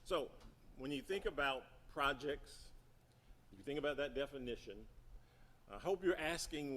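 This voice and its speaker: A man's voice: mid-range voice, normal speed, pauses often, bright, forceful tone. A middle-aged man giving an emphatic teaching talk at a seminary gathering, repeating key points and asking the audience questions. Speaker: speaker at a seminary symposium. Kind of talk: teaching talk on church projects.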